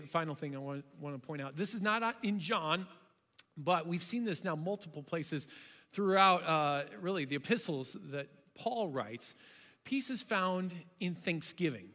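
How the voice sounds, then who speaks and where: A man preaching a sermon as pastor, talking in a conversational, animated way that breaks into sudden loud bursts. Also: high voice, in a large hall.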